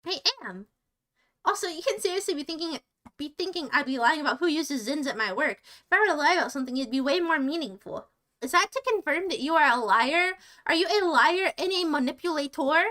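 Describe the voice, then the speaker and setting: A woman streamer chats casually to her viewers in a high, bright voice. She rambles playfully, stopping and restarting her sentences as she goes. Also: expressive, a little fast. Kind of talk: casual livestream chat.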